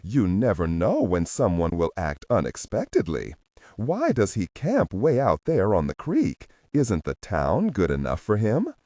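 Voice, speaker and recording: A man voicing a prim, easily flustered small-town matron in an audiobook, with a low husky voice. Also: huge pitch swings, a little slow, dark tone, no room sound, clean studio sound, heavily acted. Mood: scolding.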